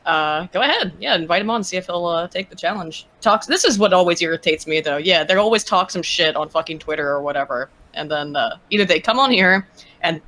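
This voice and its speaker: A man's voice: high-pitched, brisk, sharp tone. A man co-hosting a casual livestream chat, laughing often and rambling through his complaints. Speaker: co-host.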